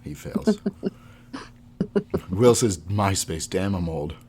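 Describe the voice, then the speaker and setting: A man's voice: deep voice, wildly swooping pitch, drawn-out words, darkish tone, a little hiss or hum. A man co-hosting a podcast in casual chat, rambling and laughing often. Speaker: podcast co-host.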